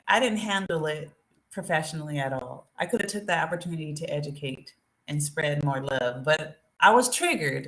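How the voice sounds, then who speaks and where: Lady live streaming, chatty and animated, bright voice, roomy echo. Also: mid-range voice. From United States. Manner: animated, talking straight to her viewers. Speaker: vlogger.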